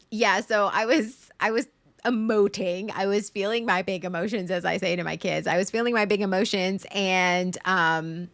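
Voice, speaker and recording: A woman's voice: mid-range voice, a bit bright. A woman in her thirties talking on a live stream, rambling and emotional, restarting her sentences and laughing between thoughts.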